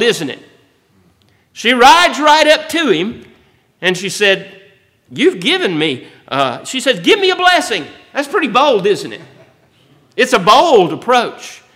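A man's voice: sits high, sharp tone. A man preaching a sermon as pastor. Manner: folksy preaching, rising to bold emphasis.

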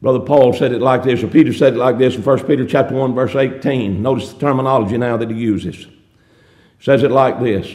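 A man preaching a fervent sermon, swinging between loud exhortation and low murmured asides. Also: fairly quick.

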